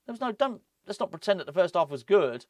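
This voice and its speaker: A man hosting a casual football vlog, rambling and animated, often breaking off with laughs. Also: high-pitched, fast, no room sound, clean studio sound. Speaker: football fan channel host.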